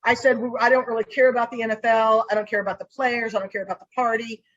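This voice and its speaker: In a casual interview, a woman private investigator tells a story, animatedly acting out what she said to people along the way. Her voice is fairly high and she talks fast, on lo-fi audio.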